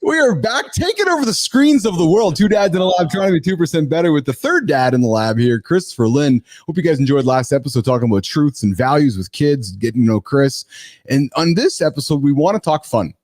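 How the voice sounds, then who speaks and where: Excitable laughing podcast host, man. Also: a little high, fairly quick. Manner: excitable, jokey, laughs often. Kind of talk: casual podcast chat.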